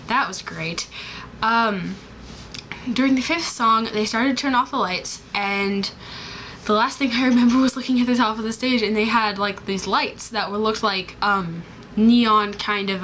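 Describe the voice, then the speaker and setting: A woman's voice: fairly high pitch, fairly bright tone, slight background noise, poor audio. A young woman vlogging in a bubbly, rambling way, full of fillers and restarts. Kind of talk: casual chatty vlog.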